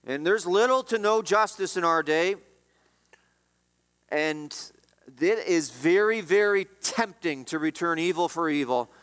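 Man preaching, fairly high voice, emphatic, swings loud and soft, long hall reverb. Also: expressive, measured pace. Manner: emphatic preaching, rising and dropping in pitch and volume. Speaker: pastor. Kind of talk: sermon.

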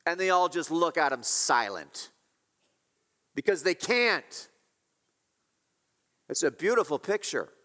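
A man's voice: fairly high pitch, big pitch swings, takes it slowly, long pauses, fairly bright tone. Emphatic male preacher in a reverberant hall. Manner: emphatic, repeats key phrases, rises and drops in volume. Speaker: pastor. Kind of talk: expository sermon.

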